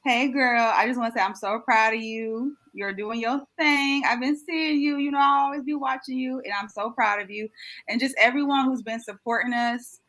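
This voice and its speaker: A woman's voice: on the high side, fairly even intonation, normal speed, a bit bright. A woman co-hosting a casual live-stream chat, affirming and encouraging as she thanks viewers. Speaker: co-host.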